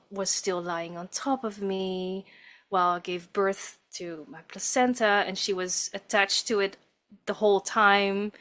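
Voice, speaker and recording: A woman's voice: lowish voice, a bit bright. Woman telling an emotional story. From Netherlands. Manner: vivid, emotional storytelling, acts out quotes. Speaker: podcast guest. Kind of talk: personal birth story in conversation.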